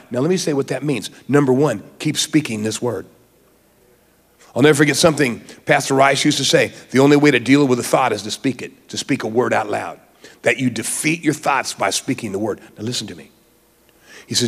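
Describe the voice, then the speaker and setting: A man preaching a sermon as pastor of his church, moving from quiet teaching to fervent, rising exhortation. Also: mid-range voice, animated, moderate pace, vocal fry, breathy edge, big-room sound.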